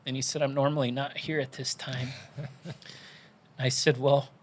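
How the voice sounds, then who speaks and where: A man on a podcast telling his conversion story in an earnest, animated way, moved to tears. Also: medium pitch, unhurried. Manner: earnest, animated storytelling with quoted inner voices. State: tearful, crying. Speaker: podcast guest.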